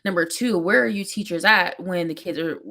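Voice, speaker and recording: A young woman chatting to camera as she does her makeup, telling a story about her son with lively quotes. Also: lowish voice, brisk. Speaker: vlogger, mother. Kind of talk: casual chat to camera. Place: home.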